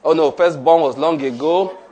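A man preaches in a high, ringing voice. He leads the congregation line by line through declarations and stresses each phrase. His voice sits well above the usual male range. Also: moderate pace, mellow. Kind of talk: sermon with call-and-response.

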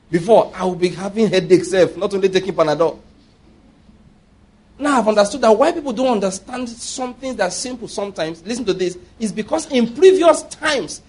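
Husky high-voiced preacher. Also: male voice, darkish tone. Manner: emphatic, asks the congregation rhetorical questions. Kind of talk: sermon.

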